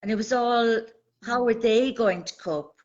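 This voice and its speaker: A woman's voice: fairly high pitch, a little slow, darkish tone, dull audio. A woman in her fifties with an Irish accent, a guest on a live video call, talking earnestly about her own experience in repeated rallying phrases. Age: 50s. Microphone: phone held by hand on video call.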